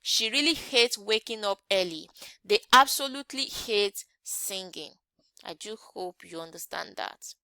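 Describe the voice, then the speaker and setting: A woman's voice: medium pitch, lively intonation, measured pace, sharp tone, no echo. A woman teaching an English grammar lesson online, often checking in with rhetorical questions.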